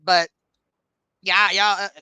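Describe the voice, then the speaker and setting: A woman's voice: medium pitch, little pitch movement, takes it slowly, sharp tone, clear, resonant tone, no echo. A woman in her forties co-hosting a casual chat, blunt and profane, telling stories with animation. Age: 40s. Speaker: co-host.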